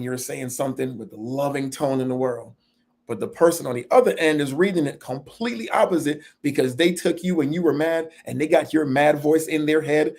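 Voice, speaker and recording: A man's voice: fairly high pitch, a little mellow. A middle-aged man speaking earnestly in a panel discussion, self-deprecating and laughing now and then as he tells his own stories. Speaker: panel guest.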